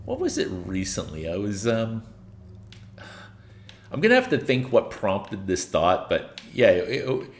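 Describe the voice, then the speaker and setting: Man, game streamer, casual commentary, jokey and laughing, low voice, very animated pitch. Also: unhurried, reverberant, a little hiss or hum. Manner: chatty, laughs often, jokey asides. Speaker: gaming streamer.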